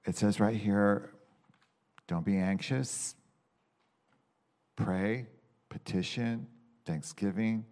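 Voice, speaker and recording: A man telling in a loose, candid way how he talks with God, with many restarts. He moves between exasperated bursts and quiet, reflective stretches. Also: on the low side, very slow, long pauses. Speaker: Christian speaker sharing a personal reflection. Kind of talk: casual spoken reflection.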